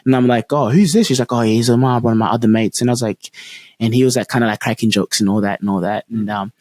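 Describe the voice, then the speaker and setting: A man's voice: mid-range voice, flat delivery, quick pace, a little mellow, no room sound, clean studio sound. A young man, a podcast guest telling stories in a loose, rambling way, full of restarts and casual slang. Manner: rambling, many fillers and restarts, says "bro" and "like". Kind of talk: casual storytelling interview.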